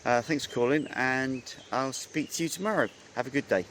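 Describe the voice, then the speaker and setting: A man's voice: mid-range voice, fairly quick, fairly bright tone. A man on a motorcycle trip chatting casually by phone from a campsite, rambling with lots of ums and uhs. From England. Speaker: motorcycle traveller on a video call. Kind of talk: casual chat. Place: outdoors under a tree at a campsite. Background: faint rural outdoor sounds, insects.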